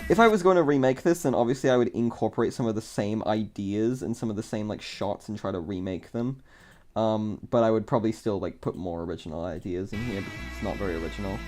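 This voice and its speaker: A man's voice: lowish voice, quick pace, darkish tone, faint music behind. A man streaming live, rambling in casual commentary, mocking himself, laughing often and swearing.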